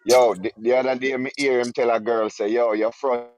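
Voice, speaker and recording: A man's voice: mid-range voice, fairly even intonation, brisk, dry recording. A man co-hosting a podcast, teasing and playful. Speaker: podcast co-host.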